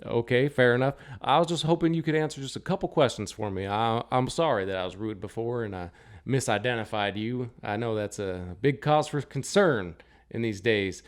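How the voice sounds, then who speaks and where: A man's voice: mid-range voice, normal speed, natural voice. A man playing a blustery, folksy marshal. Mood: exasperated. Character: exasperated male US Marshal detective.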